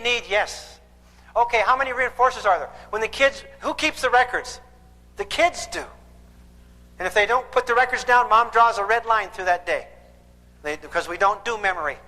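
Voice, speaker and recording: A high-pitched, bright-toned man lecturing parents in a large room with a long, ringing reverb. He speaks emphatically and keeps checking whether his listeners follow. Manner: emphatic, quizzes the audience with repeated questions. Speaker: parenting counselor. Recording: echoey hall with long reverb.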